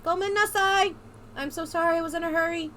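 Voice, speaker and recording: A woman's voice: extremely high pitch, steady tone, a bit bright, slight background noise, pitched above the performer's own voice. A woman voicing a nervous, apologetic young woman in a game. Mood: flustered. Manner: nervous, hurried.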